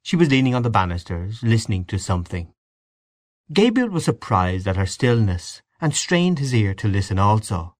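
A man giving a measured, expressive audiobook narration of a story. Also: on the low side, no room sound, studio quality. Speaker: audiobook reader. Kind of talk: scripted narration.

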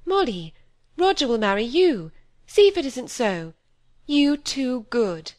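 A woman's voice: medium pitch, animated, moderate pace, lightly acted. A woman reading an audiobook, voicing a wilful, proud young woman who talks with bitter passion. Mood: teasing. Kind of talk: audiobook character voice.

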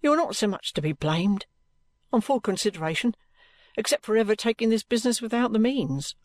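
A man's voice: high voice, expressive, a little fast, no echo, voice pushed up. A man reading an audiobook, voicing a middle-aged soldier's wife who scolds with emphasis and near tears. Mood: half-laughing. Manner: emphatic, reproachful, tearful. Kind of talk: audiobook character voice.

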